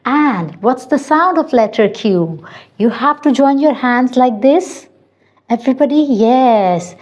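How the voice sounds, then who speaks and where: A woman's voice: high-pitched, animated, measured pace, highs cut off. A woman teaching a children's phonics lesson, in a sing-song way, repeating each sound.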